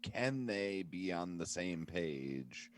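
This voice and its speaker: A man co-hosting a podcast in casual chat, blunt, opinionated and quick to swear. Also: deep voice, lively intonation, slight background noise. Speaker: podcast co-host.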